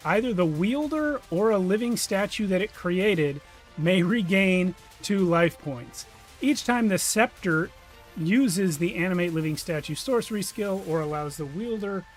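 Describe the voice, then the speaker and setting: A man narrating a tabletop game as game master, with loose, rambling delivery. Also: high-pitched.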